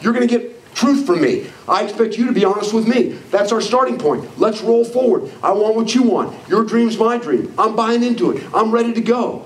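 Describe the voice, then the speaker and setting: An older motivational speaker gives an emphatic, preachy leadership training talk to a live audience, acting out the voices he quotes. His high voice has lively intonation at normal speed with hardly any pauses, captured far from the mic in an echoey hall with faint noise.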